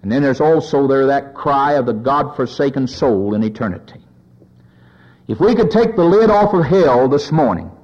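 Slow high-voiced preacher, lo-fi. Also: male voice. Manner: rising pitch, quoting sinners in hell. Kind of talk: sermon.

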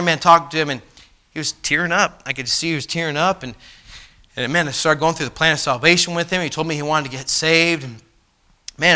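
A middle-aged man preaching a sermon, telling a personal story with animated swings from soft to loud, passionate outbursts. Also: fairly high pitch. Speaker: pastor.

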